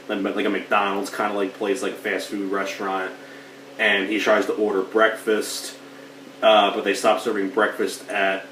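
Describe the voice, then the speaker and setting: A man casually reviewing a film, rambling with lots of filler words and coughing now and then while getting over allergies. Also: fairly low pitch. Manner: rambling, lots of "like" and "you know". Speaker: movie reviewer. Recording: roomy, distant mic, faint hiss.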